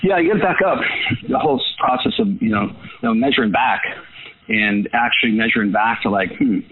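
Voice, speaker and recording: Over a tinny phone line, a photo business owner talks as an interview guest, casual and enthusiastic. His voice is on the low side with a breathy edge, and he speaks a little fast, repeating himself and using plenty of fillers.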